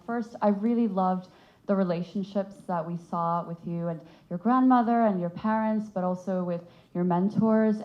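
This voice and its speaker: A woman's voice: lowish voice, lo-fi sound. A woman in the audience at a film Q&A, a dancer herself, asking long questions politely and earnestly.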